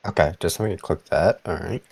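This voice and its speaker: A man playing in a tabletop game, just woken up, talking in a relaxed, halting way and laughing often. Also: deep voice, gravelly, husky. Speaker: player. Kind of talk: casual tabletop game chat.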